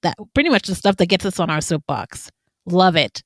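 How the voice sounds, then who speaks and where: A woman's voice: fairly low pitch, lively intonation, fairly quick, no room sound, clean studio sound. A woman hosting a podcast interview, enthusiastic and affirming as she sums up her guest's points. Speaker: podcast host.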